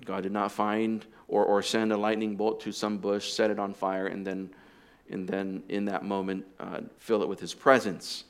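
A pastor preaching a sermon, explaining deliberately and dropping in casual asides to the congregation. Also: male voice, lowish voice, monotone, clean tone. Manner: deliberate teaching with conversational asides.

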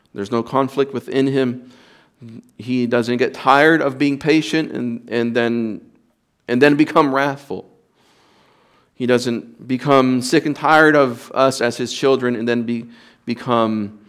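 Male pastor mid-sermon: earnest and emphatic, speaks slowly with a mid-range voice. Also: mid-range voice. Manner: earnest, emphatic preaching with repetitions and restarts.

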